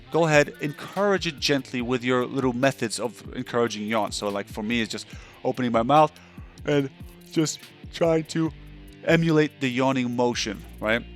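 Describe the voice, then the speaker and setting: A man's voice: on the high side, a bit bright. A male counselor giving a loose, conversational instructional talk over a webcam, often checking in with his listener. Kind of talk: instructional explanation.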